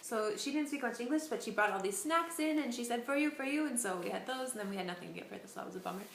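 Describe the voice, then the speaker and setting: A young American woman in her twenties, a volunteer, chatting casually about her day and telling stories in an animated way. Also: fairly high pitch, racing, gravelly, slight background noise. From United States. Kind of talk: casual chat. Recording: echoey room.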